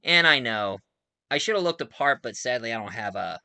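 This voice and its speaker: A man's voice: mid-range voice, lively intonation, brisk, sharp tone, no echo. A man in his forties talking in a put-on Australian accent, chatting casually as a movie reviewer and often correcting himself. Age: 40s. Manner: chatty, self-correcting, laughs between remarks.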